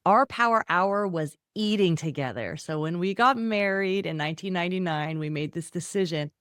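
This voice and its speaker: A middle-aged woman, a guest author in a podcast interview, talking in an animated way and acting out quoted voices. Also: lowish voice, moderate pace, smooth, no echo, clean studio sound.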